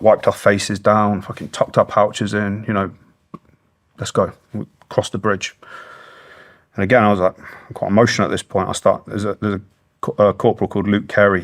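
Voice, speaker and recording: A British man in his thirties speaks as an interview guest, telling his story with a low voice. He is earnest and plain-spoken and swears freely as he talks. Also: flat delivery, fairly quick. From Britain. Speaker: guest, former special forces soldier. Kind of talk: long-form interview storytelling.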